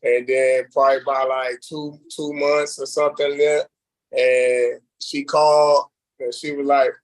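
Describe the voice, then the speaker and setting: A man's voice: mid-range voice, a little slow, poor audio. A man, a reality show contestant, telling his story in a loose, rambling casual interview, acting out the voices of people he quotes. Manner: animated, acts out quoted voices; loose and rambling with many fillers.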